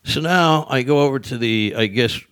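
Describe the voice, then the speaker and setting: A man's voice: mid-range voice, normal speed, clean tone, no echo, studio quality. An older man, a comedian guest, telling stories in casual chat and acting out quotes with a raised voice. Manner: animated storyteller, acts out quotes in raised voices.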